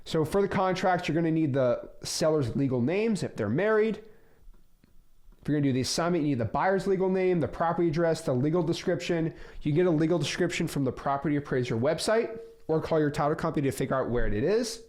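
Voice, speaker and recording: A man's voice: fairly high pitch, animated, quick pace, darkish tone. A man coaching real estate wholesaling, talking energetically and acting out both sides of sales calls. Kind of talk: instructional talk with role-played calls.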